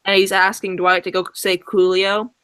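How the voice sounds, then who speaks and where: A speaker in a casual stream chat, excitable and rambling. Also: medium pitch, normal speed, clear, resonant tone, poor audio. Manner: excitable, rambling, quotes a TV show at length.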